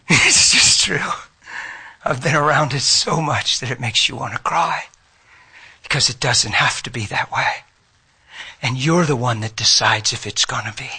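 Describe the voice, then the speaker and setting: A man preaching an emotional sermon, swinging from loud exclamations to near whispers. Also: mid-range voice, unhurried, pauses often, breathy edge. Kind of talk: impassioned sermon.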